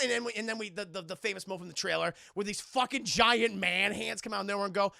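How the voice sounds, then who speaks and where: A man's voice: high-pitched, brisk, creaky, sharp tone, no room sound, clean studio sound. A man doing a crude, joking recap of a horror film for a stream, acting out scenes and laughing often.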